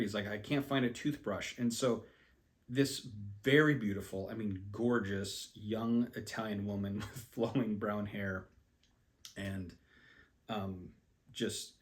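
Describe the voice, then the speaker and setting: A man with a lowish voice tells a personal story in a loose, rambling way. He stops and restarts often, fills gaps with ums, and pokes fun at his own abilities. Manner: rambling, self-deprecating, many ums and restarts. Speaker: language learner. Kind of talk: casual storytelling to camera.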